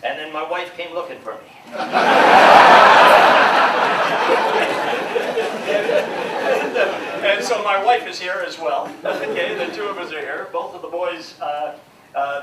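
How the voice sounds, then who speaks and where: An older man with a Canadian accent holds the stage at a business seminar, cracking jokes and spinning stories for the crowd. His voice sits a little high for a man. He is caught from a distance in a roomy, echoing hall with noise underneath. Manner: jokey storyteller playing to the crowd. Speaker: seminar speaker. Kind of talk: humorous motivational talk. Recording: echoey hall from far off with noise.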